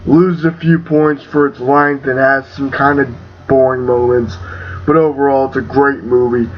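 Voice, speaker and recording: A young man giving an excitable, casual film review, full of fillers and swearing. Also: mid-range voice, moderate pace. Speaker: movie reviewer. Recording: dull lo-fi home recording with faint hiss.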